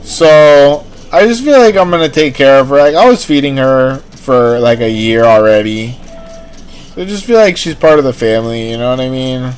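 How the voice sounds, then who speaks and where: A man hosting a livestream who talks in a loose, rambling way, with constant "like" and "you know". His voice sits at a middling pitch for a man. Faint music plays in the background. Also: animated, moderate pace. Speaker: livestream host. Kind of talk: casual rambling chat.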